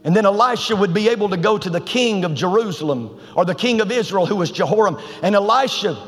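A man preaching a sermon to his church, telling a Bible story in a lively, colloquial way. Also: sits high, fast talker, in a large hall.

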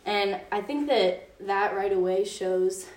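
A woman's voice: mid-range voice, slow pace, darkish tone. Young woman, youth Bible study leader, casual and chatty, many "like"s; distant mic in an echoey room. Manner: chatty, filler-heavy storytelling with frequent "like". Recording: roomy echo from a distance.

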